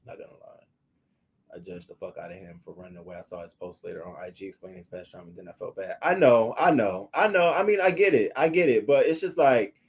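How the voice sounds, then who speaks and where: Profane, animated male show reviewer. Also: fast, slightly rough. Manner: animated, profane, talks back to viewers' comments; acts out quoted lines in a higher, louder voice. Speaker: reality TV reviewer. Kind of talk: casual commentary.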